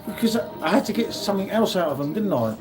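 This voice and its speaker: Holding his phone as the microphone, a British beer vlogger streams live from an airport café, reading out viewer comments and joking casually. His voice sits high and is expressive and quick, heard over music and loud surrounding crowd noise.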